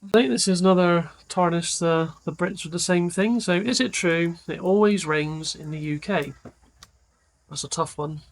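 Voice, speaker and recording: A man talks in a loose, rambling way, full of fillers and trailing thoughts. His voice sits a little higher than most men's. This is casual vlog chat. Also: moderate pace, creaky, poor audio. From England. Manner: rambling, relaxed, lots of fillers. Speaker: vlogger.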